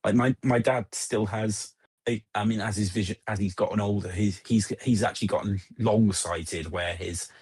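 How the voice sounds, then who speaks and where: Caller, middle-aged English man with an Oxfordshire accent, husky voice, stumbles and restarts. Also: on the low side, steady tone, moderate pace, a little mellow. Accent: Southern English, Oxfordshire. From Southern England. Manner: repeats words, restarts, chuckles often. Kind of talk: casual chat.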